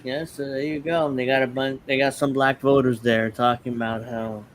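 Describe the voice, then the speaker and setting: Male host from the Northeastern US, casual political commentary, sardonic and rambling, medium pitch, light background hiss. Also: level tone, moderate pace. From Northeastern United States. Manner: mocking, chatty, many restarts.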